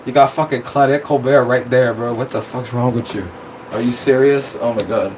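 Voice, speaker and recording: A man chats through a casual livestream, rambling and excitable, swearing freely as he jumps from thought to thought. His voice sits at a middle pitch, recorded on a phone with a faint air-conditioner hum behind him. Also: moderate pace, poor audio. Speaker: streamer.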